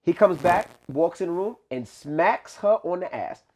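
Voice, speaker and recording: A man co-hosting a podcast, chatting casually and telling animated stories, acting out the people he quotes. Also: high voice, unhurried, a little hiss or hum. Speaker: podcast co-host. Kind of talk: casual chat.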